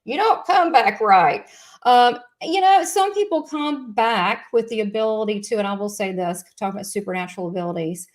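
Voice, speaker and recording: A woman's voice: mid-range voice, lively intonation, normal speed. A woman with a Southern US accent hosting a live spiritual show, chatting in a gushing, rambling way with many asides. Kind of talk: casual live-stream chat.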